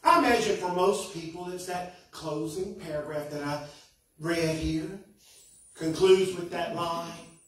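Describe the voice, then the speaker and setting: Pastor, male, earnest preacher, high voice, caught far off in a reverberant sanctuary. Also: a little slow. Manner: earnest, rising and falling preaching. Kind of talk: sermon. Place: church sanctuary.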